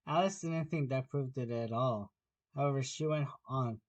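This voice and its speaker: A man narrating an amateur audiobook of a children's classic in a plain, steady reading voice. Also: medium pitch, normal speed, rough recording.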